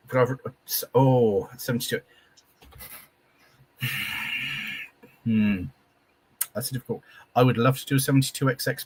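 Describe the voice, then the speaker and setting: Husky low-voiced man chatting on a stream. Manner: chatty, stumbling restarts, enthusiastic about engines. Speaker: guest. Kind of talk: casual live-stream chat.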